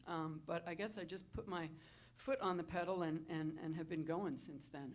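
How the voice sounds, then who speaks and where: A woman in her fifties, the chief of a fire department, speaks at her indoor retirement announcement. Her voice sits fairly low, and her delivery is loose and heartfelt, with frequent ums as she thanks colleagues one by one. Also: fairly even intonation, fast talker. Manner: informal, many fillers, warm thanks. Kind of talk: emotional public speech. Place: indoor event with audience.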